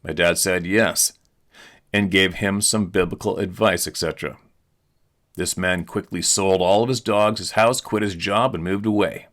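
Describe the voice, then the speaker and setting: Deep-voiced man reading a listener's story. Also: steady tone, normal speed, a bit bright. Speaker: host reading a listener's letter. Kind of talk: reading a true eyewitness story aloud.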